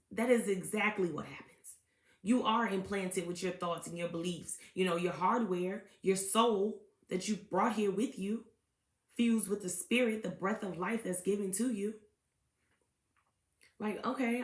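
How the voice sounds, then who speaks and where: Chatty woman vlogging in an echoey room. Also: mid-range voice. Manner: chatty, frequent "um" and "okay?". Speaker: tarot card reader. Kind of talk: casual chatty vlog.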